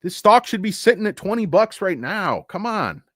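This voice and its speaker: A man's voice: high voice, very animated, normal speed, dry recording, clean studio sound. A middle-aged man hosting a casual livestream, rambling and cursing as he rants and reads chat. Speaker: stock livestream host.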